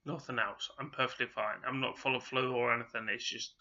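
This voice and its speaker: Man, rough throat, rambling casual vlog talk, bright gravelly tone, lo-fi sound. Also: medium pitch, steady tone, a little fast. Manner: rambling, with frequent restarts. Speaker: vlogger.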